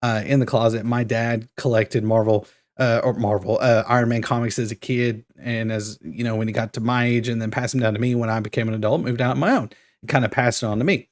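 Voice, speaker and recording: A man in his thirties chats casually on a podcast, steady mid-range voice. He tells stories with rising excitement and acts out the lines he quotes. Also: mid-range voice, fast talker. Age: 30s. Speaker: podcast co-host. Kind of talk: casual chat.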